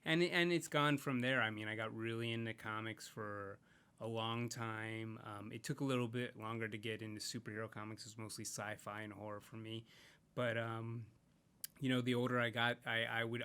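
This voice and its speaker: Bright-voiced man, rambling and reflective. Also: medium pitch, flat delivery, a little fast, clean tone. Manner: rambling, reflective, many fillers and restarts. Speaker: podcast guest, comics creator. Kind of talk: casual interview chat.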